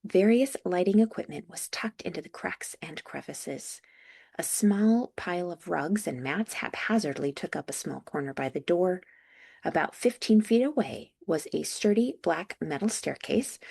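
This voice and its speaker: A woman's voice: fairly low pitch, creaky, a little mellow, breathy edge. A young woman reading a first-person audiobook with dry, wry asides. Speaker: audiobook narrator.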